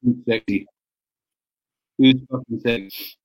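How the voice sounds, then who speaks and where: A man's voice: medium pitch, steady tone, takes it slowly, slightly rough. A man hosting a casual livestream, bantering with viewers and swearing freely. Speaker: livestream host.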